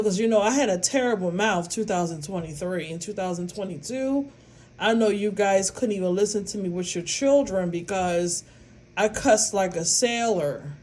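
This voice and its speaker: A woman's voice: mid-range voice, darkish tone. Woman vlogging to her followers, rambling on, repeating stuff, very emphatic. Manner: rambling, repetitive and emphatic, with bursts of laughter. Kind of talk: casual monologue to followers.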